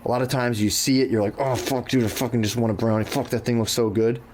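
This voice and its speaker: A man's voice: medium pitch, steady tone, fast, darkish tone, a little hiss or hum. A man co-hosting a podcast in loose casual chat, swearing freely, saying "dude" often and acting out his own thoughts. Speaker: podcast co-host.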